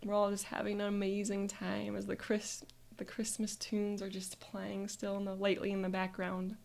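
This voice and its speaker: An upbeat woman coach narrates a guided visualization in the present tense. Her mid-range voice carries a noticeable vocal fry. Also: mid-range voice, monotone, moderate pace, a little mellow.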